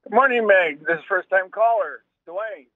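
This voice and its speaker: A man making his first call to a talk radio show, speaking in a halting, hesitant way. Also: high voice, dry recording. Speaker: first-time caller. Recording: loud, tinny phone line.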